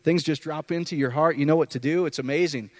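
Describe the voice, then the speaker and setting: Preacher, male, conversational and animated, slightly high voice, dry sound. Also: fast, no echo. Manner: conversational, animated, often asks "does that make sense". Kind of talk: informal sermon.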